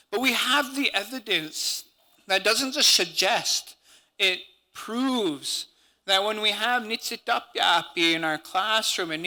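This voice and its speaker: A man's voice: high voice, pushed and bright. A man from Montana giving an earnest, conversational talk at a language symposium as a speaker and language teacher, dropping native-language words into his English. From Montana, USA. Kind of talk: conference talk.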